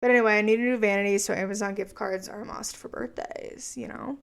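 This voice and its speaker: A woman's voice: mid-range voice, fairly even intonation, fast, vocal fry, clean tone. A young woman in her twenties hosting a casual solo podcast, chatty, rambling and profane. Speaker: podcast host.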